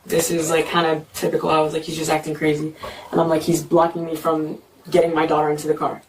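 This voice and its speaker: A young woman telling a police officer what happened, talking fast and filling her story with "like" and acted-out quotes, recorded on a bodycam. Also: low voice, monotone. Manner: fast, repeats "like", acts out quotes. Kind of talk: retelling events to an officer. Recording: noisy bodycam audio from a distance.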